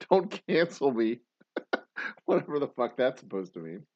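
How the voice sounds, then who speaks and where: A man's voice: mid-range voice, big pitch swings, a little slow, darkish tone, no echo, lo-fi sound. A man hosting a livestream, chatting casually in a rambling, joking, profane way and laughing often. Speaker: livestream show host.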